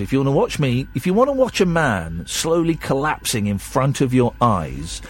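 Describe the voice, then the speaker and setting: A tired-sounding man hosts a late-night radio show, chatting and rambling with plenty of self-deprecation. His pitch swings in a lively way, and his voice carries a slight husk and a breathy edge.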